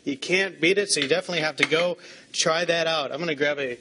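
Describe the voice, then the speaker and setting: A man's voice: fairly high pitch, fast, bright, forceful tone, breathy edge. A man hosting a cooking segment in a studio kitchen, upbeat and full of praise. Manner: enthusiastic, praising. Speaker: TV show host.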